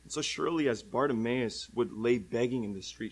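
A young adult man preaching a sermon, moving between hushed lines and loud, drawn-out cries. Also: medium pitch, low-quality recording.

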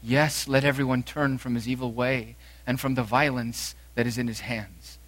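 A man preaching a sermon, swinging between loud emphatic declarations and quiet, low phrases. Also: level tone, moderate pace, dry recording.

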